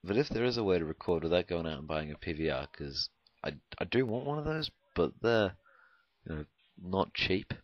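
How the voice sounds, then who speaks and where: A man's voice: sits low, lively intonation, moderate pace, no echo. A young man from Canada rambling through casual gameplay commentary, hesitant and full of filler words, on a cheap close mic. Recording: dry, dull lo-fi home recording.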